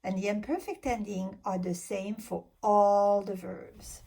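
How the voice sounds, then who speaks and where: A woman's voice: mid-range voice, fairly even intonation, a little slow, vocal fry, mellow. A woman teaching grammar in a recorded lesson, patiently walking through verb endings and spelling them out letter by letter. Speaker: French teacher.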